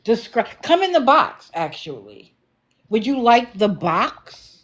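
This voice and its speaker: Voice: medium pitch, very animated, slow pace, a bit bright. A livestream host talking back to viewers in the comments, challenging and sarcastic.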